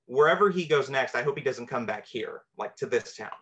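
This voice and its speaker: A man's voice: medium pitch, animated, fairly quick, fairly bright tone, muffled recording, lightly acted. A man voicing a casual, noncommittal teenage girlfriend in an offhand tone. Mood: blasé.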